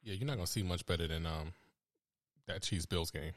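A man co-hosting a casual sports podcast, talking in a relaxed slangy way and laughing often. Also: low voice, a little fast. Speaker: podcast co-host.

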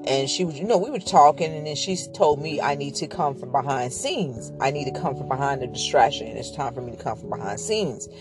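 A woman's voice: a bass voice, animated, fairly quick, few pauses, music in the background. A woman hosting her own podcast, telling a personal story in a chatty, rambling way with many fillers and frequent mentions of God. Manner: devout, often mentioning God. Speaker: podcast host. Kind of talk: casual storytelling monologue.

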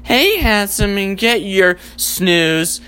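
A man voicing a flirtatious female alarm clock that speaks slowly and teasingly. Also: high-pitched, expressive, pushed and bright, smooth, full character voice. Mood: flirty. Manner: slow, teasing, drawn out.

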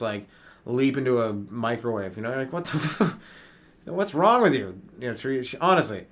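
A man's voice: mid-range voice, fairly bright tone. A young man hosting a comedy podcast, rambling through profane bits and slipping into mock voices. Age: young adult. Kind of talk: rambling stand-up style monologue.

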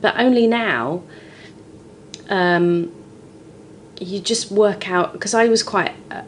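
A woman's voice: on the low side, slight background noise. A woman in her forties from the United Kingdom, a guest talking frankly and expressively about her life in a podcast conversation. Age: 40s. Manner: frank, expressive storytelling with lively swings. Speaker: guest, comedian.

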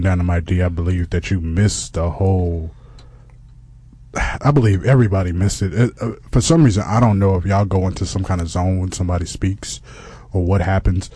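Host, low and mellow male voice, teasing, takes charge, dry studio sound. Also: husky, dry recording. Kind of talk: comedic banter.

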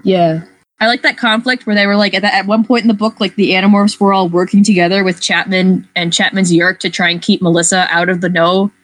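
A woman's voice: medium pitch, steady tone, fairly quick, low-quality recording. A woman in casual book discussion, chatty, often restarting her sentences. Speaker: book club podcast member.

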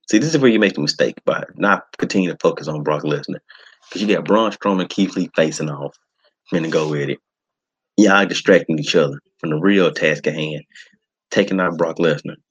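A man hosting a podcast, giving casual, slangy commentary on wrestling as he watches. His talk jumps to high excited shouts. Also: slightly rough, highs cut off. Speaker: podcast host.

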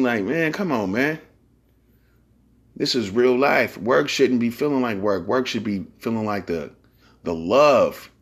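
Give me a man hosting a podcast in a loose, profane monologue. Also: fairly low pitch. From San Francisco Bay Area. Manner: profane, rambling, streetwise slang. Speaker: podcast host.

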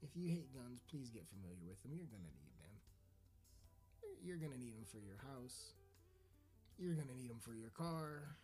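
A man's voice: mid-range voice, very animated, moderate pace, a little mellow, soft background music. A man hosting a podcast, ranting in a crude, sarcastic, swearing comedic style. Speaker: podcast host. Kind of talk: profane comedic rant.

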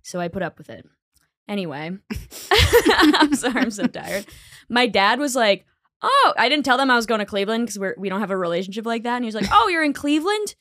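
A young woman co-hosting a podcast, chatting casually, swearing and acting out bits in loud animated voices. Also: medium pitch, brisk, no room sound, studio quality. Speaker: podcast co-host. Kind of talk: casual comedic chat.

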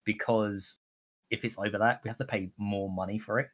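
A man's voice: on the low side, fairly even intonation, fairly quick. A British man from Britain, a podcast guest chatting casually and telling anecdotes with a laugh. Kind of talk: casual chat.

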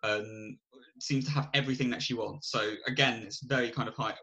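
A man co-hosting a podcast, retelling a film's plot in animated, rambling casual chat and laughing often. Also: mid-range voice, a little fast. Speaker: podcast co-host. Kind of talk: casual film review chat.

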